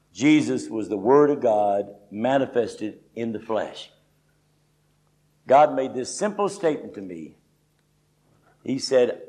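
A man's voice: medium pitch, a little mellow, rough recording. A middle-aged man preaching a conversational sermon in a folksy, emphatic way, often adding "you know".

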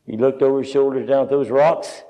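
A male preacher at a conference telling folksy stories in a sermon, with loud and soft turns. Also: medium pitch, steady tone, brisk. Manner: folksy storytelling, varied loudness. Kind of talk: storytelling sermon.

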